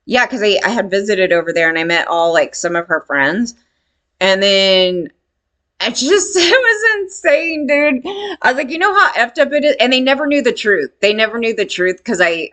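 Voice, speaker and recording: A woman's voice: on the low side, a little fast, a bit bright. A woman telling a candid personal story in a rambling, emphatic way, swearing freely.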